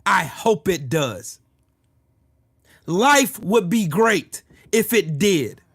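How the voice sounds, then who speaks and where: High-voiced man ranting angrily. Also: animated, very slow, fairly bright tone, slightly rough, no room sound. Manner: profane, heated, repetitive ranting; answers chat comments. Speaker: livestream host. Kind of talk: angry political livestream rant.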